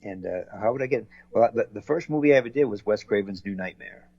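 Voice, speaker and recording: A man's voice: on the low side, lively intonation, fast, vocal fry, dark tone, dry recording. A man who is an actor and producer, chatting as a guest in an interview in a rambling, folksy way, on a dull lo-fi recording. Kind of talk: casual interview chat.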